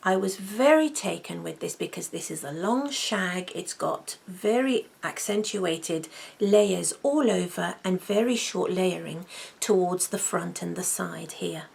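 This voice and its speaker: Slow, gravelly woman chatting. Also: on the low side, darkish tone. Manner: chatty and gushing, repeats words for emphasis. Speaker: wig vlogger. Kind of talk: relaxed intimate chat.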